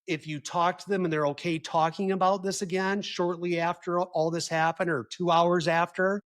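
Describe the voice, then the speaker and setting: A man speaking earnestly and gently to other partners, repeating key words for emphasis as he gives advice. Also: high-pitched, little pitch movement, moderate pace. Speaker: husband of a trauma survivor giving advice to partners. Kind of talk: earnest personal advice talk.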